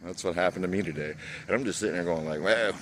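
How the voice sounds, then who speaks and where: A man's voice: deep voice, steady tone, rapid-fire, background noise. A man vlogging in a casual, rambling rant, swearing often and calling the listener "bro" and "dude".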